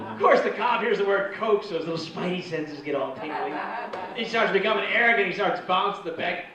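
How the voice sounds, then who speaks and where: A man's voice: sits high, expressive, brisk, bright, forceful tone. A man doing a stand-up routine in a comedy club, telling a story and acting out the other people in it. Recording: echoey club, far mic, crowd laughter.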